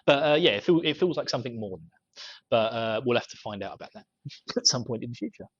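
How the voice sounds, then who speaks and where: A man's voice: mid-range voice, animated, fast talker, slightly rough. A man co-hosting a podcast, casually recapping a book chapter and chuckling often as he goes. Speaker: podcast co-host. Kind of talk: casual book discussion chat. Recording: dull lo-fi podcast audio.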